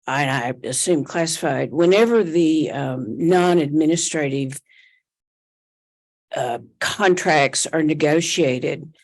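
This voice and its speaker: A woman's voice: deep voice, vocal fry, a little mellow. A woman giving public comment at a school board meeting, speaking in a conversational, somewhat hesitant way.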